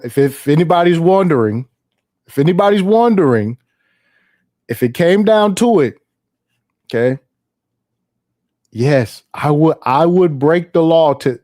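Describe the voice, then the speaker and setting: Slangy, laughing casual commentator. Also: male voice, mid-range voice, a little mellow, dry recording, studio quality. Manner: slangy, laughing, rambling, profane. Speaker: commentary streamer.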